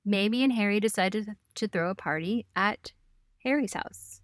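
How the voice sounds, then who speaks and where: A woman's voice: mid-range voice, normal speed, dry recording. Woman podcast host, giggly storyteller, dry close sound, mid voice. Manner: giggly storyteller, playful asides. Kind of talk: casual history chat.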